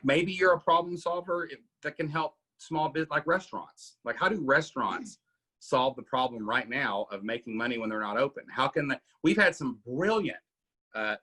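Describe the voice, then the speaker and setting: Forceful husky-voiced man coaching. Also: medium pitch, moderate pace. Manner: emphatic, asks "right?" often. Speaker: podcast host coaching members. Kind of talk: casual coaching Q&A.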